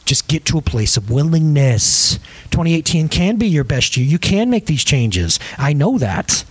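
A middle-aged man preaching a sermon, animated and joking, with big swings between high and low. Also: normal speed, breathy edge, no room sound. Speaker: pastor.

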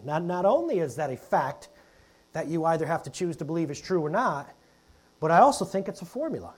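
A man delivers a casual, conversational sermon, addressing the room as "guys". His voice sits a touch high and is a little husky, and it rises and falls with lively energy. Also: normal speed. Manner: conversational, calls the congregation "guys", jokes aside. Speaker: pastor. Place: church hall with a congregation.

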